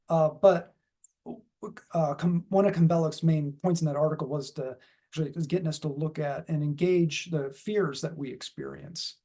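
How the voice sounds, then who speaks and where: A man's voice: fairly high pitch, steady tone, normal speed, warm tone. A man giving a dharma talk in a casual, rambling way with many fillers and restarts. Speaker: dharma speaker.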